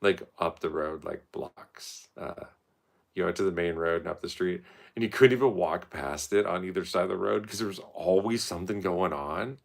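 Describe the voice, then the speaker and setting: A man's voice: sits low, moderate pace, vocal fry. A man telling rambling, profane, stream-of-consciousness stories in a casual monologue.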